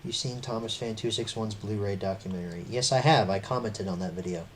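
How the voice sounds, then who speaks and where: A man's voice: lowish voice, a little fast. A young man hosting a casual chat, rambling and rattling off rankings. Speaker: channel host. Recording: faint background noise.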